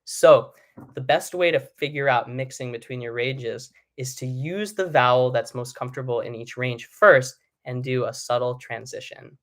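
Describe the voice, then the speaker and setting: A man's voice: medium pitch, moderate pace, fairly bright tone. A man coaching singers on a live stream, talking in a mid-range voice. His explanations wander a little, full of ums, restarts and asides. The delivery is casual and unscripted. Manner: loose explanatory talk with many ums and restarts. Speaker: vocal coach. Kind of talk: live-streamed singing lesson.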